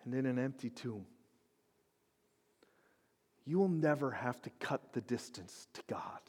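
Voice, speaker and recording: A man preaching a sermon as pastor, dropping to whispers and rising to shouts. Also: medium pitch, animated, unhurried, breathy edge. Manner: swings from hushed whispers to loud shouted climaxes. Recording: long hall reverb.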